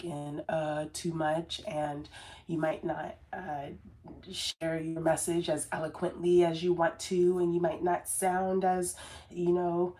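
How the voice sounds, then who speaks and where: A low-pitched, dark-toned female voice belongs to a business coach giving a casual motivational talk to camera. She rambles earnestly, with many fillers and restarts, and describes herself as very sensitive.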